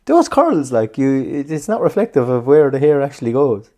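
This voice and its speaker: A man's voice: mid-range voice, sing-song, moderate pace, mellow. A man with an Irish accent, co-hosting a podcast in casual chat, telling rambling stories with plenty of swearing and laughter. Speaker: podcast co-host.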